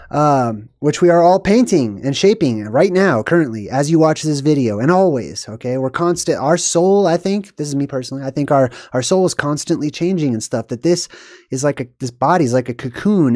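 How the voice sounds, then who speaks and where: In clean studio audio with no room sound, a man with a darkish mid-range voice hosts a casual live video about symbolism. He reads passages out loud, then muses over them in a rambling, filler-heavy, thinking-aloud style.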